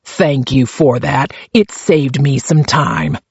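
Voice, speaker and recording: A man voicing a calm, pleasant senior female police investigator who speaks in a measured, quietly pointed way. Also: mid-range voice, husky, dry recording, muffled recording.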